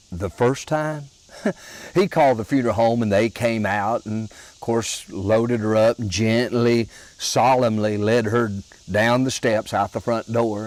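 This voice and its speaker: An older man from Alabama with a Southern accent, telling homespun humorous stories in a slow, drawling way with chuckles. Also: medium pitch, rough recording. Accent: Southern American. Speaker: storyteller. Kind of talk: folksy humorous storytelling.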